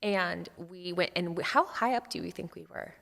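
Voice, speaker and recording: Casual co-host: middle-aged woman, lively storyteller, slightly low voice, long reverb. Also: normal speed, vocal fry. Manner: animated, laughing storyteller. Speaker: podcast co-host.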